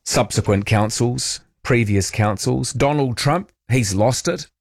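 A man's voice: mid-range voice, measured pace, creaky, no echo, clean studio sound. A man with a New Zealand accent hosting morning radio, chatting about the news with a joking, wry manner. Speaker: radio host. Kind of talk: casual morning radio chat.

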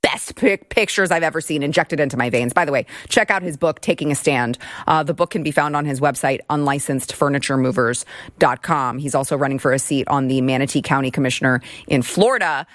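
A woman's voice: rumbling low, a little fast, no echo, clean studio sound. A woman hosting a political talk radio show, speaking in a sarcastic, opinionated way. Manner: sarcastic, animated, mocking voices.

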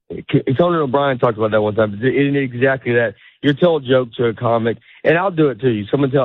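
A man's voice: mid-range voice, no echo. A middle-aged man, a comedian, chatting casually in a rambling way, often cutting himself off and laughing. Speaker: comedian guest. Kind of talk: casual chat. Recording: dry phone-like audio.

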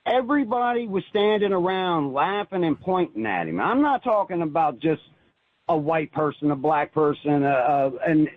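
Husky man talking over a tinny phone line. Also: on the high side, expressive, normal speed, no echo. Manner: earnest, rambling, repeats words when stirred. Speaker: caller. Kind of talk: emotional call-in storytelling.

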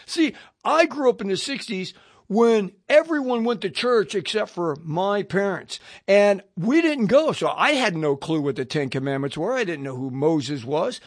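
An older man preaching on the radio, telling his conversion story in an animated way and acting out both sides of the conversations. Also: sits high, normal speed, no echo, clean studio sound. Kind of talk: personal testimony to radio listeners.

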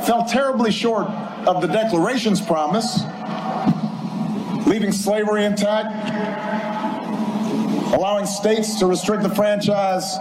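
High-voiced man giving a formal speech. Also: steady tone. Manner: measured, deliberate oratory. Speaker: speaker in a played speech clip. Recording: roomy archival speech clip with ambient noise.

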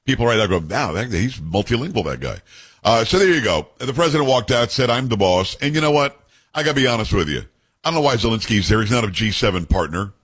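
Man, radio host in studio, husky voice, blunt and opinionated. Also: medium pitch, expressive, fast, fairly bright tone. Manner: blunt, reads news aloud and editorializes. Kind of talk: opinionated talk radio commentary.

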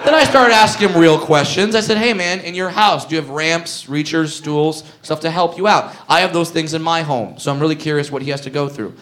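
A man doing a brash, loud stand-up comedy set, telling a story to a live audience. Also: fairly high pitch, brisk, few pauses. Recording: noisy live club recording. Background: audience laughter.

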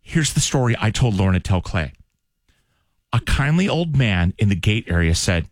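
Lively radio host man. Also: on the low side, normal speed, no echo. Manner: joking, plotting a prank, drops into a creepy old man voice. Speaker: radio morning show host. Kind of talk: casual radio banter.

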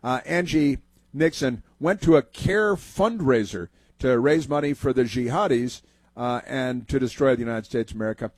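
A man's voice: mid-range voice, moderate pace, no echo. A man hosting a political talk radio show, mocking and rambling with lots of fillers.

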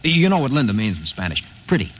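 A man's voice: mid-range voice, very animated, fast, slight background noise, lightly acted, low-quality recording. A man playing a pushy Hollywood press agent. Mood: pushy, excited. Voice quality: salesy, wheedling, laughing. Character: fast-talking Hollywood publicity man, pushy and excitable. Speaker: publicity man. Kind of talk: 1940s radio acting.

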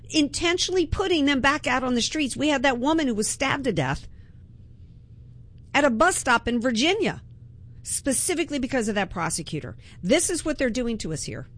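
A woman hosts a political talk radio show, giving an impassioned, emphatic monologue full of restarts. Her voice sits high.

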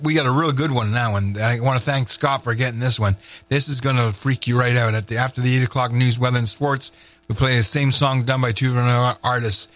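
A man's voice: medium pitch, a bit bright. A man hosting a chatty morning radio show from a studio, upbeat and folksy, rambling and correcting himself as he goes. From Canada.

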